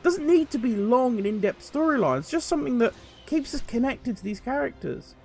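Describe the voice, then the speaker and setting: A man giving opinionated video commentary as a gaming commentator, animated and sarcastic. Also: extremely high pitch, moderate pace, gravelly, breathy edge, faint music behind.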